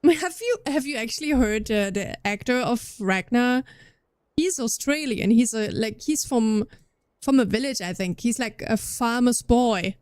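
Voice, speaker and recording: A woman's voice: fairly high pitch, expressive, a little slow, a little mellow, clean tone, no echo, clean studio sound. A young German woman with a slight Scandinavian tinge to her accent, chatting casually with viewers on a livestream, rambling and often restarting her sentences. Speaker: livestream streamer. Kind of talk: casual chat with viewers while gaming.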